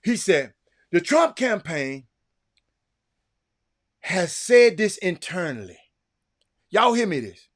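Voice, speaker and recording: A man's voice: high voice, sing-song, slow, long pauses, a bit bright. A man giving fired-up political commentary, preaching straight to his listeners.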